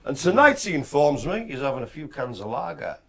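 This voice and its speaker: A man's voice: mid-range voice, a little fast, vocal fry, a crowd in the background. A man co-hosting a casual live stream, bantering and joking. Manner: jokey, lively banter. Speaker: co-host.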